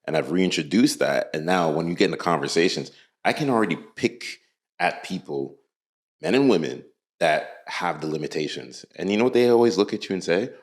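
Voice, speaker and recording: Male podcast host, very low voice, animated, teasing delivery. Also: a little fast. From Canada. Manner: animated, jokey, laughs often, teasing. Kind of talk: casual interview chat. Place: London, Ontario.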